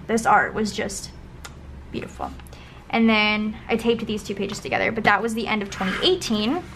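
A young woman flipping through her old planner spreads in a casual vlog, often trailing into soft, breathy gushing asides. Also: medium pitch, expressive, normal speed. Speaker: planner vlogger. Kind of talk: casual flip-through commentary. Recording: faint background noise.

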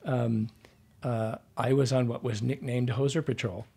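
A man's voice: medium pitch, steady tone, measured pace, creaky, darkish tone, breathy edge. A middle-aged man, a dialect coach, telling anecdotes in a casual interview and quoting himself as he goes.

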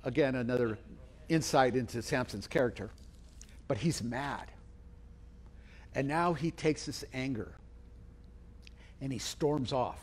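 Unhurried and pausing often, a middle-aged man with a breathy edge to his voice preaches as pastor. He tells a story in his sermon, performing the quoted voices with wide swings in pitch.

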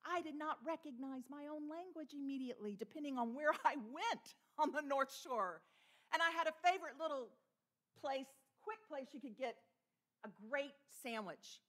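A woman pastor from Texas preaching a sermon in a church, telling stories in a lively way. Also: high voice, moderate pace. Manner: storytelling with laughs and imitated voices. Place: church sanctuary.

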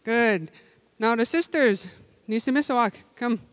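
A man leading a language-camp group game indoors, calling out playful, energetic instructions. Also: extremely high pitch, measured pace, dry recording. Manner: energetic, playful, giving loud calls and instructions. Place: indoor room with tables.

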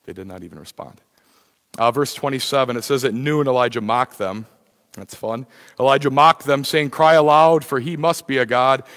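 A pastor preaching a conversational sermon, often restarting phrases and filling pauses with "uh" and "you know.". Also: male voice, medium pitch, fairly even intonation, a bit bright. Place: church sanctuary. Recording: reverberant church hall.

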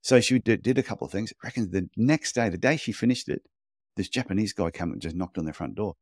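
A chatty man co-hosting a podcast, telling stories in a blunt, animated way. His voice sits low. The sound is dry and close. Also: fast talker, dry recording. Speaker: podcast co-host, podiatry business coach. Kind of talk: casual podcast chat.

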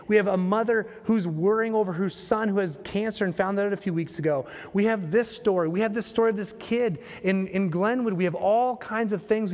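Man preaching in a reverberant church. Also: high voice. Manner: conversational, rhetorical questions to the congregation. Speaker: pastor. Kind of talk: sermon. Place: church sanctuary.

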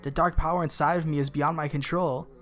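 A man's voice: fairly high pitch, steady tone, fairly quick, a bit bright, lightly acted. A man reading the lines of a flamboyant young mage who calls himself a warrior of darkness, from a fantasy game. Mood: grandiose. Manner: grandiose, self-dramatizing.

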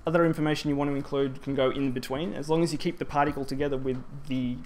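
In a presentation hall, a Japanese language presenter gives a conference talk on grammar, explaining things step by step with frequent ums and restarts. His voice is medium-pitched and darkish, with fairly even intonation and a quick pace. There is slight background noise.

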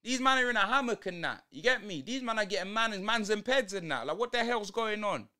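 A man's voice: sits high, lively intonation, a little fast, sharp tone. A young man ranting through a live football watch-along, heavy on street slang and exasperation.

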